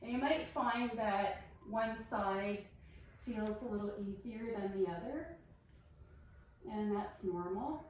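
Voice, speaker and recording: A woman fitness instructor guiding a yoga class with calm, encouraging step-by-step cues. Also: mid-range voice, slow, recorded from a distance, slight background noise. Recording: echoey room, voice off-mic.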